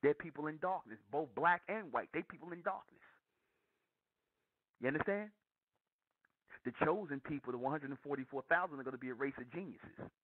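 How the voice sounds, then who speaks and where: A man preaches in a fairly high voice, pressing his points and repeating lines for weight. The sound is dry and thin, like a phone line. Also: a little fast, pauses often, no echo. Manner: emphatic, repeats lines for stress. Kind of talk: preaching monologue. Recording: dry tinny phone-like audio.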